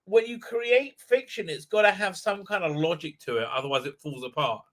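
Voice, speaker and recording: A male host recapping a TV episode on a live stream in heated, indignant casual talk, full of halting restarts. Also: sits high, a bit bright. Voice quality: frequent filler sounds and restarts, heated, indignant. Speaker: show host.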